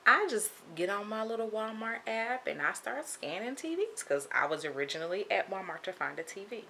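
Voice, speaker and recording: A young woman telling a casual storytime, animated and chatty, acting out what people said. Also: medium pitch, a little fast, a little hiss or hum. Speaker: vlogger.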